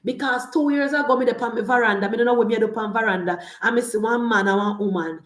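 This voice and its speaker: High-voiced indignant Jamaican woman. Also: fast, reverberant. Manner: indignant, fires off rhetorical questions, slips into Patois. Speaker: political commentator. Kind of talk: opinionated political commentary.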